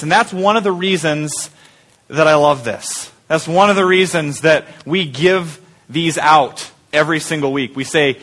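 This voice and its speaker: A man's voice: a little high, fairly bright tone. A man preaching a conversational sermon as pastor, often repeating words and asking the congregation questions. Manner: halting with frequent repeated words.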